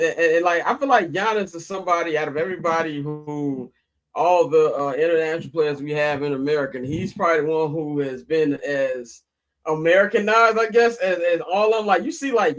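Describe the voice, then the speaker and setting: Laid-back podcast host man, higher voice. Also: poor audio. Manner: laid-back, laughs often. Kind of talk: casual chat.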